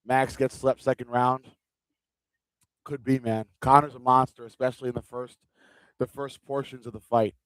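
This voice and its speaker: A man's voice: medium pitch, little pitch movement, moderate pace, dry recording, low-quality recording. A man giving casual, rambling live commentary on a fight stream from a gaming chair, often repeating himself. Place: seated in a gaming chair at home.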